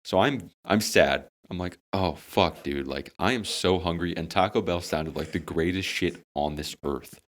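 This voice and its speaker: Deep-voiced young man telling a story. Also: moderate pace, hardly any pauses. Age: young adult. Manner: animated, swearing, dramatic comic storytelling. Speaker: podcast co-host. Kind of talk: casual storytelling among friends.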